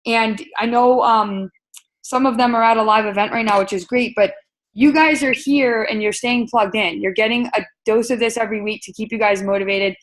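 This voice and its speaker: A woman's voice: on the high side, steady tone, moderate pace. A woman leading a webinar sales training, speaking in an upbeat, coaching way with many fillers and repeated words.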